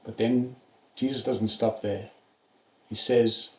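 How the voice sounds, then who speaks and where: A man preaches a sermon, retelling the story earnestly and giving the quoted lines a little voice of their own. His tone is mellow and warm. The recording sounds slightly dull and carries the echo of a roomy church hall. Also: medium pitch, fairly even intonation, slow, long pauses.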